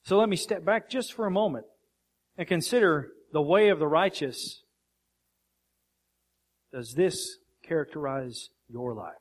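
Man preaching, emphatic, rhetorical questions, slightly high voice. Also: lively intonation, unhurried, pauses often. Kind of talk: sermon.

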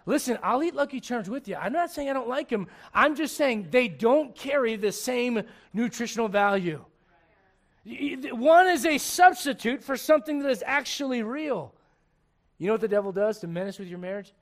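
High-voiced lively male preacher. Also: moderate pace. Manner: animated, humorous, swings from soft asides to shouting. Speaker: pastor. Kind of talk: sermon. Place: church.

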